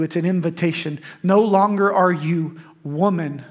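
A man preaching a sermon as pastor, emphatic and animated, breaking into laughing asides. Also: fairly high pitch, measured pace, hardly any pauses.

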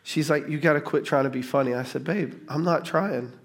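A middle-aged man preaching a sermon to a church congregation, casual and joking, building to excited emphasis. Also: on the high side, brisk. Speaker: pastor.

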